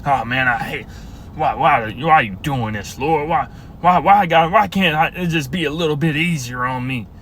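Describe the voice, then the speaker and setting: A man's voice: on the high side, moderate pace, fairly bright tone, slight background noise, natural voice. A man mimicking a petulant, sulky man who stammers and whines in self-pity. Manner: stammering, whining.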